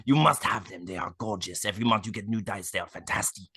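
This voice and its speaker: A man's voice: sharp tone, breathy edge, exaggerated voice. A man putting on a sultry French dice seller. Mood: seductive. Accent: put-on French. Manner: sultry, drawn-out sales pitch. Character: suave seductive male French dice seller.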